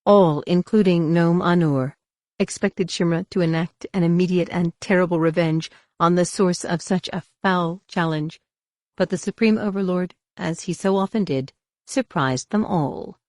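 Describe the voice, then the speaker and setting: A woman's voice: lowish voice, normal speed, a little mellow, no room sound, clean studio sound. A woman narrating a science-fiction audiobook dramatically, voicing the characters. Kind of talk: scripted narration.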